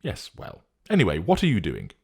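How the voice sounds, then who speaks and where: A man's voice: deep voice, wildly swooping pitch, a little fast, gravelly, husky, pitched above the performer's own voice, heavily acted. A man reading a story, voicing a younger woman who brushes off worry on the phone. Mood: breezy.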